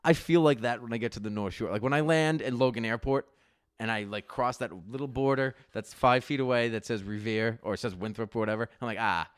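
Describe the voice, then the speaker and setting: A man's voice: mid-range voice, smooth, no room sound, clean studio sound. A man hosting a casual podcast over a video call, loose and rambling. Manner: loose, rambling, quick to laugh. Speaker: podcast host. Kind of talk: casual chat.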